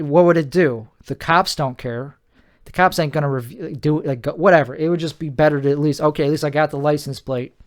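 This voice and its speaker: A man's voice: on the high side, clean tone. Tired man rambling through a solo podcast. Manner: meandering, self-deprecating, trails off mid-sentence. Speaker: podcast host. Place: at home.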